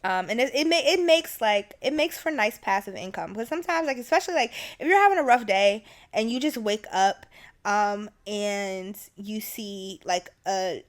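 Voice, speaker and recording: A young woman in her twenties telling a story as a podcast host, animated and profane with many fillers. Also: medium pitch, normal speed. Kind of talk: casual storytelling.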